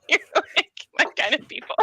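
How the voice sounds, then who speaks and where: A woman's voice: normal speed, pushed and bright, rough recording. A woman chatting casually on a livestream, playful and giggly. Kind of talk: casual chat.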